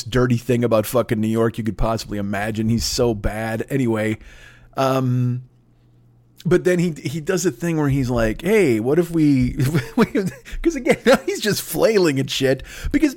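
A man rants through a solo comedy podcast, swearing constantly and rambling from tangent to tangent. His voice sits somewhat high for a man, and his exasperation keeps pushing it upward. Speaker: podcast host.

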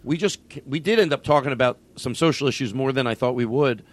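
A man's voice: medium pitch, fast talker. A man hosting a comedy podcast, chatting casually in a rambling way with many restarts. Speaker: podcast host.

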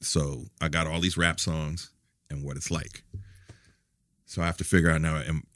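A man's voice: rumbling low, flat delivery, a bit bright, no echo, studio quality. A middle-aged man telling stories as an interview guest, swearing casually, restarting his sentences and acting out other people's lines. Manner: profane, loose, halting restarts; acts out quoted voices in stories. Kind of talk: candid storytelling interview.

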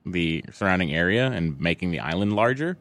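Deep-voiced man chatting casually. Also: animated, brisk, fairly bright tone, no echo. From Boston, USA. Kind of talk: casual chat.

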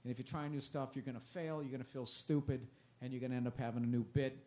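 A man's voice: medium pitch, fairly even intonation, fast, darkish tone. A man who is a stand-up comedian, chatting casually in an interview, rambling and self-deprecating, often trailing off and restarting.

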